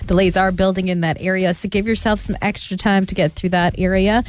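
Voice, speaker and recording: A woman reading a traffic report on the radio, clear and brisk. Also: medium pitch, steady tone.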